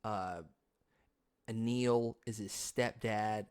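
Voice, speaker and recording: Slow-talking excitable male podcast host. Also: clear, resonant tone. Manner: excitable, laughs often, acts out quotes in high voices. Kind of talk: casual solo podcast talk.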